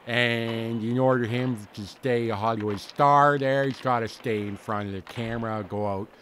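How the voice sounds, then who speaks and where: A man plays a folksy, rambling storyteller in a comic character monologue, stuffing his tall tale with slang and fillers. His voice is mid-range, a bit bright and natural, with a little hiss or hum.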